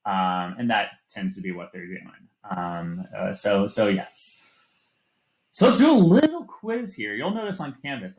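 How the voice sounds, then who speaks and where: Low-voiced man lecturing in an echoey room. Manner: relaxed, with many fillers and restarts. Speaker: teacher. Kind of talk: classroom lecture.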